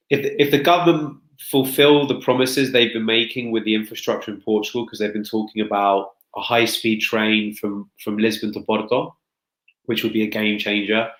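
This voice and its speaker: A man's voice: fairly low pitch, fairly bright tone, reverberant, poor audio. A man speaking as a guest consultant in a casual chat, chatty, with frequent restarts and fillers.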